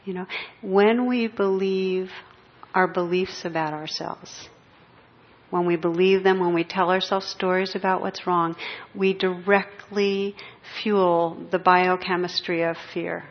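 Woman meditation teacher, lowish voice, gentle pacing, dull muffled recording. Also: fairly even intonation, unhurried. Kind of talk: spiritual talk.

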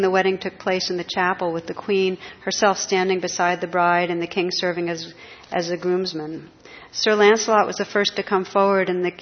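A woman narrating an old legend in a measured, expressive storybook reading. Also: lowish voice. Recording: slightly dull lo-fi recording.

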